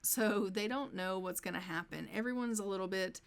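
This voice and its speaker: A woman with a medium-pitched, gravelly yet smooth voice talks fairly quickly while playing a life-sim game. Her let's-play commentary is casual, full of chatter and remarks aimed at her characters.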